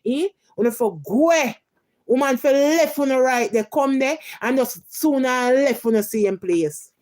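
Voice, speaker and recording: Woman, Jamaican accent, heated scolding rant, patois, fairly high voice, live stream. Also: animated, measured pace, darkish tone.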